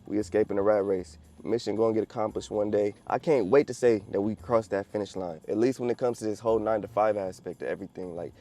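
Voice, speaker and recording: Laid-back young man, mellow low voice. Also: steady tone, fast, hardly any pauses. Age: 20s. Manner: laid-back slang-heavy talk, calls viewers bro. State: a little out of breath. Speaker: day trader vlogger. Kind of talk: casual vlog with market updates.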